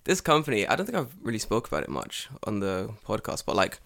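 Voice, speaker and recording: A man's voice: on the low side, huge pitch swings, quick pace, creaky, fairly bright tone. A young man, co-hosting a podcast in casual chat, swearing a lot and mocking people in put-on voices. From United Kingdom. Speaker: podcast co-host.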